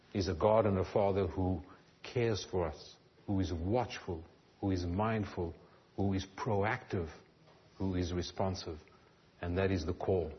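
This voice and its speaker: A man with a fairly low voice preaches a sermon in an earnest tone. His phrases often trail off softly at the ends. The recording sounds dull and lo-fi. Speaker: pastor.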